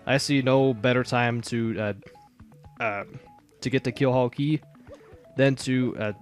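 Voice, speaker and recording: A man's voice: mid-range voice, fairly even intonation, unhurried, faint music behind. Rambling man with a slight Southern accent. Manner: rambling, many fillers and restarts. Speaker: let's player. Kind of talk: casual game commentary.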